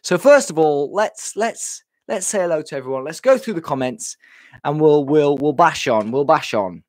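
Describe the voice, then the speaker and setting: A man's voice: fairly high pitch, lively intonation, normal speed, a little mellow, no room sound. Breathless chatty man host. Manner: chatty, self-deprecating, repeats himself. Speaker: livestream host. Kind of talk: casual live-stream chat. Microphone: webcam setup.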